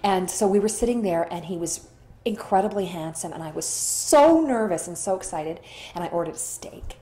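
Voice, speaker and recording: A woman's voice: on the low side, lively intonation, moderate pace, dark tone. A woman actor in an interview, chatty and rambling, telling stories and acting out the dialogue. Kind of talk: candid interview storytelling. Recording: roomy echo.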